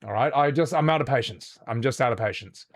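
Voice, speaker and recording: A man's voice: mid-range voice, quick pace, gravelly, dry recording. A man streaming live, chatting casually with his viewers, blunt and profane as he vents his exasperation, often restarting his sentences. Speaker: livestreamer. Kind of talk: casual livestream chat.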